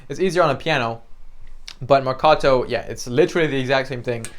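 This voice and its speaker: A young man with a medium-pitched voice gives a beginner piano lesson, talking fast in a casual, chatty way. He keeps checking in with the listener, leaning on "right?" and "you know," and sings out the examples as he explains.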